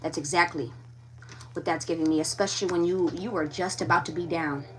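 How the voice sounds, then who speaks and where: A woman's voice: fairly low pitch, fairly even intonation, fairly quick, far from the mic, slight background noise. A woman giving a live tarot reading, talking frankly and with animation straight to her viewers. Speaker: tarot reader.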